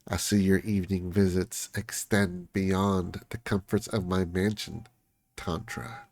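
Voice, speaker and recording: Male reader doing a hushed, menacing mansion owner, low and dropped to a near whisper. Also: little pitch movement, measured pace, slight background noise. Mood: scornful. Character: cold shadowy mansion owner, scornful.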